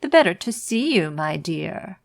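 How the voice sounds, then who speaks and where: A cunning big wolf speaks slowly from a storybook, as a woman puts him on. His lines come out coaxing and sly, pitched lowish and recorded dry and close. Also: big pitch swings, creaky, no room sound, heavily acted. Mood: menacing. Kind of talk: storybook read-aloud.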